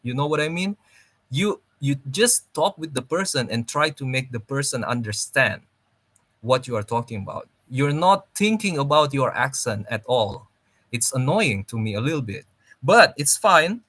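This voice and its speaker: A man's voice: medium pitch, animated, bright, forceful tone, no room sound. A man giving casual reaction commentary over a video, rambling and restarting his sentences. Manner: rambling, halting, many restarts.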